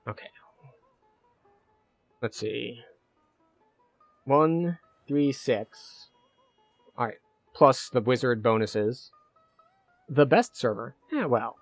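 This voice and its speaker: A man live-streaming a game, chatting casually and thinking out loud as he plays. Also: medium pitch, lively intonation, extremely slow, long pauses, no echo, soft background music. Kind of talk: live-stream gameplay commentary.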